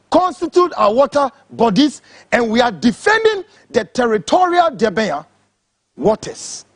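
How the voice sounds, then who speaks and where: A Ghanaian man delivering an angry, impassioned political tirade with a husky voice, mixing English with Twi. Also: very high voice, no echo, clean studio sound. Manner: angry, shouting insults, switching between English and Twi. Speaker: political commentator.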